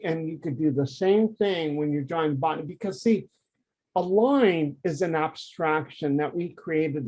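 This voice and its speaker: A man who teaches anatomy for artists, talking through a drawing demonstration on a video call, lively and emphatic. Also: on the high side, lo-fi sound. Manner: animated, conversational, emphatic teaching. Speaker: anatomy art professor.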